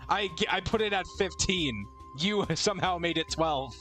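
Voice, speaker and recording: A man's voice: high-pitched, normal speed, bright, forceful tone, soft background music. A man running a tabletop game as game master, narrating casually, laughing at himself and swearing.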